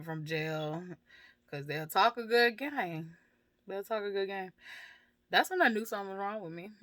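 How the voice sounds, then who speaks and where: Woman vlogger, fairly low voice, frank and profane, laughs a lot, dry close sound. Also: fairly bright tone, no echo. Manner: frank and profane, laughs often, trails off with fillers. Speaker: mother. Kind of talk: candid personal talk to camera.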